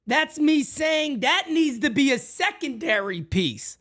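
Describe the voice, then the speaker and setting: A man hosts a fan show with emphatic commentary, going from shouts to low mutters. His pitch swings widely, lively and animated. He pushes his points hard and repeats them. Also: measured pace, few pauses. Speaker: fan channel host.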